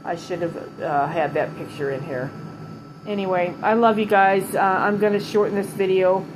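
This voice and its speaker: A middle-aged woman talks slowly and haltingly at home, often pausing, restarting and holding back tears as she remembers her mother. She sounds tired. A steady hum of air conditioning sits clearly under her voice. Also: fairly low pitch. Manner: halting, tearful, many pauses and restarts. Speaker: vlogger giving a tribute to her late mother. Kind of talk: emotional personal vlog.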